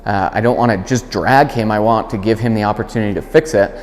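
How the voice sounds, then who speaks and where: A man with a lowish voice explains dog training calmly, step by step. He gives his commands firmly and clearly. His voice rings with the long reverb of a big indoor hall. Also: fast. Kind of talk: instructional demonstration.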